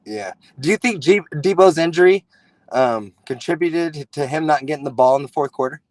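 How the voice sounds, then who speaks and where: A man calling in to a sports show, talking in an earnest, excitable way and repeating himself for emphasis. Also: fairly high pitch, moderate pace, no room sound, rough recording. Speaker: caller, football fan. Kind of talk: call-in conversation.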